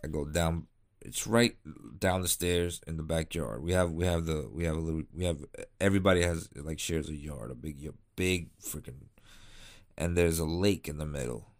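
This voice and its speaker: A man's voice: extremely low pitch, steady tone, moderate pace. A man chatting casually on his vlog, laid-back and rambling, tired and yawning late at night. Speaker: cigar vlogger. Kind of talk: casual chat.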